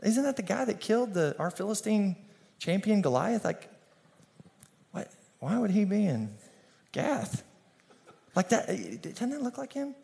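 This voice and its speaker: Man voicing high, hushed ancient gossipers, excited and unsure, sermon aside. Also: a little slow, gravelly, pauses often, full character voice. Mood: incredulous.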